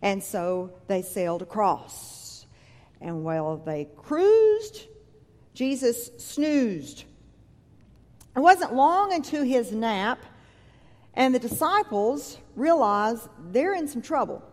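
A woman preacher delivers a sermon in a church, her fairly high voice rising and falling with lively inflection. She takes her time, retelling scripture in a vivid, conversational way. The sound carries the long reverb of a large hall. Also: takes it slowly.

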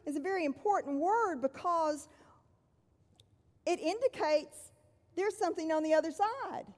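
A woman preaching to her congregation in a high, unhurried voice, weighing each phrase. She often drops into a soft, hushed tone to land a point. Her words ring out with a long reverb from a large hall. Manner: measured, dropping to soft hushed tones for emphasis. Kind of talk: sermon.

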